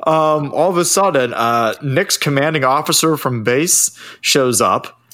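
A man's voice: mid-range voice, a little slow, fairly bright tone. A man in casual chat, recapping a movie in a rambling, profane way and laughing often. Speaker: podcast co-host.

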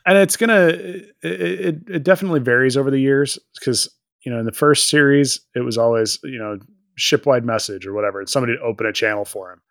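A man co-hosting a podcast, chatting casually in a jokey, rambling way. He restarts his sentences and slips into quick quoted voices now and then. His voice sits mid-range and sounds close and dry. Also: mid-range voice, gravelly, a bit bright, dry recording. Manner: joking, acts out characters in quick quoted voices. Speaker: podcast co-host. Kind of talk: casual chat.

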